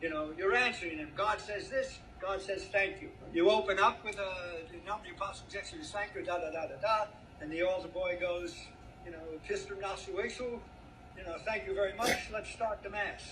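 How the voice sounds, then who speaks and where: A man putting on a high, bright voice to explain a church service, heard from a distance. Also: fairly quick, a little hiss or hum.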